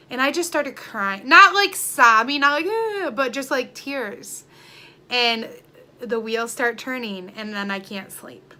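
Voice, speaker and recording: A woman's voice: on the high side, sharp tone. A young woman talking candidly to camera in a personal vlog, open and emotional, with a rambling way of telling things. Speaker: vlogger. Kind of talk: confessional vlog talk.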